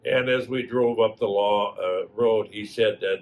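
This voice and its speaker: An elderly man in his eighties from Wisconsin recalls old memories as a guest. His fairly low voice halts often, filling pauses with uh and restarting sentences. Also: fairly even intonation, rough recording. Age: 80s. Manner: halting, many fillers and restarts. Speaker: alumnus guest. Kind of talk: reminiscing storytelling.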